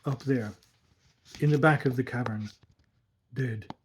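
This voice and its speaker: A man's voice: mid-range voice, measured pace, husky. A man reading aloud and voicing a terrified old woman servant in a trance, gasping and strangled. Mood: entranced dread.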